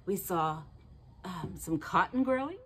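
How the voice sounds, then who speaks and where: A woman reads a story aloud to children, her pitch swooping up and down with lively expression. Her voice has a soft, breathy edge. She keeps stopping to ask her young listeners questions. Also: unhurried. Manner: lively, animated storytelling with asked questions to kids.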